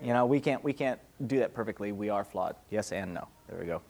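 A man's voice: on the low side, brisk, darkish tone. A young man giving a casual question-and-answer sermon as a pastor, talking conversationally and often checking in with "okay?".

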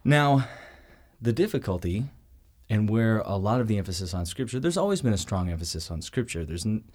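Male host, lowish voice, lively lecturing style, pops into quoted voices, tags points with "okay?". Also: a little fast. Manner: animated, acts out quoted voices, checks in with "okay?" and "see?". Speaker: show host. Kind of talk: conversational teaching talk.

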